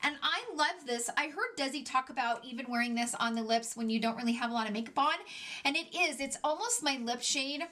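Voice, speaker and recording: A woman beauty vlogger chatting excitedly through a casual product review, gushing and chatty. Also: high voice, brisk.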